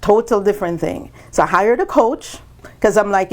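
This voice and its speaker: On a business podcast, a woman guest tells her story with lots of energy, jumping suddenly in pitch whenever she acts out quoted dialogue. She speaks at a normal speed.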